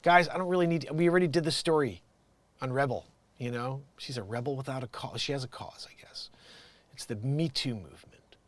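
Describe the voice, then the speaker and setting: A man's voice: medium pitch, a little fast, a little hiss or hum. A man hosting an improvised comedy show, reading the news and breaking off into jokey, rambling asides.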